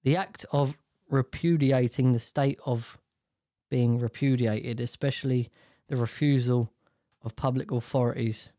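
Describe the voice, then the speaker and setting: A man's voice: mid-range voice, steady tone, unhurried, mellow, no echo, studio quality. A man reading news stories aloud, stumbling over hard words and ranting about them with lots of swearing. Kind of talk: casual reaction commentary.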